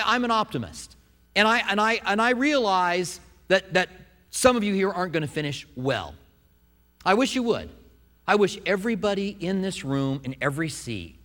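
A man's voice: a little high, fairly bright tone, big-room sound. A man preaching a sermon in a church, earnest and conversational, often restarting his phrases. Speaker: pastor. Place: church sanctuary.

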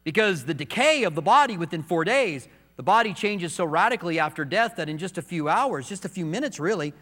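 A man preaching a sermon as pastor, moving between soft, hushed confiding and raised, emphatic preaching in a church sanctuary. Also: sits high, animated, brisk. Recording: long reverb of a large hall.

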